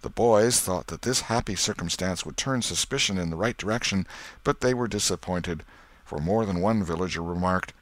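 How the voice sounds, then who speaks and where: A man narrating a classic novel as an audiobook with an expressive, dramatic reading. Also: low voice, moderate pace, no echo.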